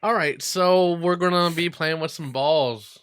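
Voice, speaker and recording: A man's voice: fairly high pitch, measured pace, background noise. A man hosting a casual chat show, joking loosely and steering into the next segment. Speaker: host.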